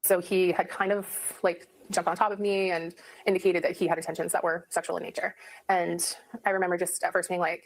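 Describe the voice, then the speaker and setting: Woman telling her story in an interview, talks quick, lowish voice, says "like" a lot. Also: flat delivery, low-quality recording. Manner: halting, lots of "like". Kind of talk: personal account in an interview.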